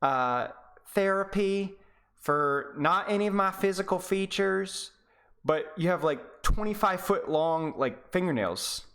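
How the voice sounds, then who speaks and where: A man's voice: high voice, expressive, a little slow, a bit bright, full character voice. A man putting on a Southern US woman's accent, voicing a whiny woman who complains about her therapy. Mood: whining.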